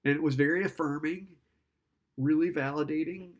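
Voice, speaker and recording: A man's voice: fairly high pitch, steady tone, moderate pace. A man lecturing in a casual, conversational way, often checking in with "right?" and acting out client and therapist lines. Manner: conversational, keeps asking "right?".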